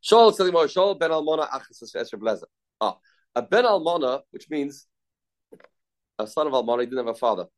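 A man's voice: a little high, expressive, fairly quick, long pauses. A man giving a Talmud class. He reads each passage aloud, then explains it in a conversational way. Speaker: Talmud teacher.

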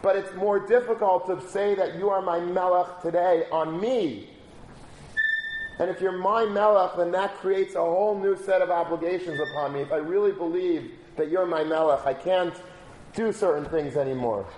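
A rabbi gives a casual Torah talk, telling a story sprinkled with many Hebrew and Yiddish terms. He has a high voice with a darkish tone and speaks at a moderate pace. The room is echoey, with faint ambience and slight background noise.

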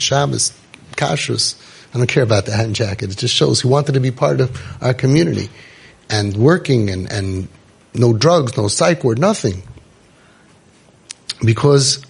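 A man's voice: mid-range voice, gravelly, breathy edge. A middle-aged man gives an emphatic, storytelling inspirational talk, acting out the voices he quotes. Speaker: youth program founder and speaker.

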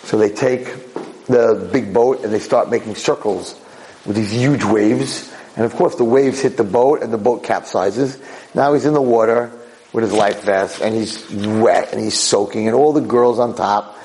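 A man giving a Torah lecture, telling a parable in an animated way. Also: fairly low pitch, measured pace, rough recording. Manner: animated, acts out voices. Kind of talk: sermon storytelling.

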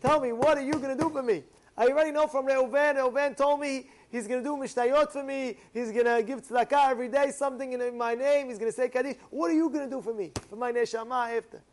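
A man's voice: very high voice, fairly even intonation, fast, pitched above the performer's own voice. A man voicing an aging father who keeps pressing his sons with the same question, repeating himself. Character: aging father, insistent and worried about legacy.

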